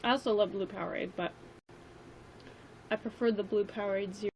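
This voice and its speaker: A woman's voice: mid-range voice, steady tone, moderate pace, a little hiss or hum, rough recording. Chatty young woman rambling on a livestream. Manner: rambling, chatty, lots of ums and likes. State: slightly losing her voice. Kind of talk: casual livestream chat.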